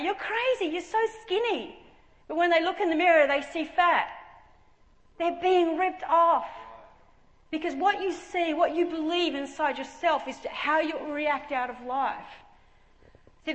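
A high-voiced woman preaches a personal testimony with lively storytelling, dropping to a near hush and then rising loud again. Her voice rings with a long hall echo, as if heard in a church sanctuary. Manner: animated storytelling, swings from hushed to loud. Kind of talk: testimony sermon. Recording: echoey hall reverb.

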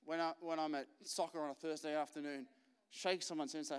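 A man preaching a lively, joking sermon full of anecdotes. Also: fairly high pitch, fairly quick, clean tone. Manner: chatty, joking, acts out quotes. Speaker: pastor. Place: large church hall. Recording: live church recording with long reverb.

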